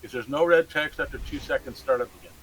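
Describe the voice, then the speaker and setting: A man's voice: medium pitch, quick pace, fairly bright tone, slightly rough, low-quality recording. Man giving firm raid advice on voice chat. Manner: practical, giving firm reminders. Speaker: raid member adding advice. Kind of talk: game tactics on voice chat.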